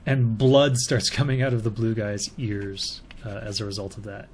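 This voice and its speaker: A man with a fairly low voice talks through a video in a casual, musing way, often unsure of himself. A faint hiss sits under his voice. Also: flat delivery, moderate pace. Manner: musing, tentative. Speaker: video analyst. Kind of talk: casual commentary.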